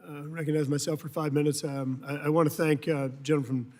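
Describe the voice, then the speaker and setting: A man chairing a committee markup, brisk and procedural, with loose spontaneous asides. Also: on the high side, little pitch movement, darkish tone. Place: large hearing room.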